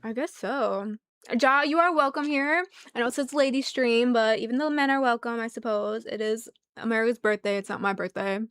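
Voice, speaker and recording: A woman's voice: on the high side, fairly quick, a bit bright, smooth, no room sound. A woman co-hosting a livestream in casual chat, making dry, wry remarks and reading donations aloud. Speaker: livestream co-host.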